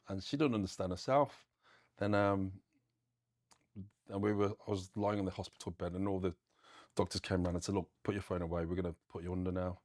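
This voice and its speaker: A man with a deep, low voice recounts a personal ordeal in a candid interview. He speaks earnestly and plainly, with many ums and restarts. The sound is dry and close. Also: steady tone, a little fast, darkish tone, no echo. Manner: earnest, plain-spoken, frequent fillers. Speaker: guest, gym owner.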